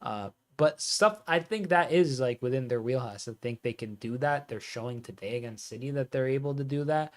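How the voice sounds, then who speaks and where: A man streaming live football watch-along commentary, reacting excitedly as a fan and chatting with viewers. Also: medium pitch, normal speed, few pauses.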